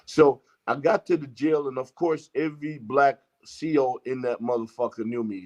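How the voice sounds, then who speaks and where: A man's voice: medium pitch, fairly even intonation, moderate pace, hardly any pauses, a little mellow, dull audio. A man from Jamaica, a guest telling a long story in casual, profane talk and acting out the lines of the people in it. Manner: profane, emphatic, acts out quoted exchanges. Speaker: interview guest.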